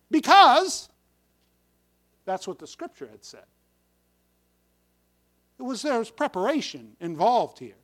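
A man's voice: very high-pitched, sing-song, slow pace, pauses often, sharp tone. A man preaching a folksy sermon to his congregation, with sudden emphatic bursts on key words. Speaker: pastor.

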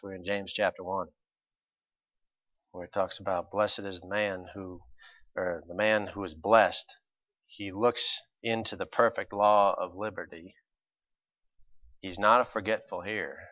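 A man preaching a sermon, moving between quiet, conversational asides and loud, emphatic points with mock voices. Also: low voice, steady tone, moderate pace, no room sound, dull audio.

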